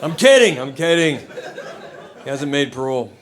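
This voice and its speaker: Wry middle-aged comedian, fairly high. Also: male voice, big pitch swings, moderate pace, a crowd in the background. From United States. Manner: wry, self-deprecating, loose and conversational. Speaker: stand-up comedian. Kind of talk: stand-up set. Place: comedy club with live audience. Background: audience laughter.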